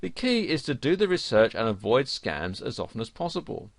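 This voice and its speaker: A man's voice: medium pitch, sing-song, fairly quick, creaky, dry recording. A man narrating an online course lesson, giving earnest, direct advice to learners.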